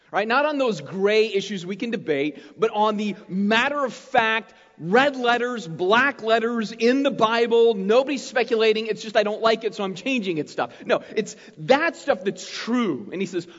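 A man preaching a sermon as pastor, talking in an animated, conversational way and checking in with his listeners often. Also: sits high. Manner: conversational, animated preaching with frequent "right?" tags. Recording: muffled, long hall reverb.

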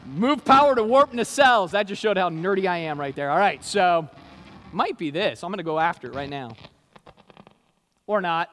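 A man preaching a sermon as a pastor, energetic and conversational, with jokey asides to the congregation. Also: sits high, normal speed, big-room sound.

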